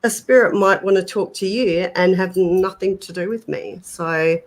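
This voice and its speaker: A woman's voice: fairly low pitch, steady tone, moderate pace. A woman co-hosting a casual paranormal livestream, talking hesitantly with many fillers and restarts. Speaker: paranormal channel co-host.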